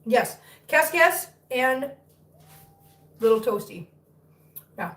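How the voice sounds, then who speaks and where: A cat rescue host streams casually from home, her fairly high voice moving at a moderate pace with long pauses. She coos baby talk to her cats between chatty updates for viewers, recorded far from the mic in an echoey room.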